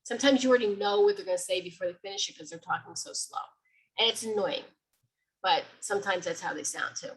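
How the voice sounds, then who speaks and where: Brief: woman, medium leading a casual library talk, husky voice, lively and chatty. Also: mid-range voice, quick pace, rough recording. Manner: chatty, animated, acts out sounds.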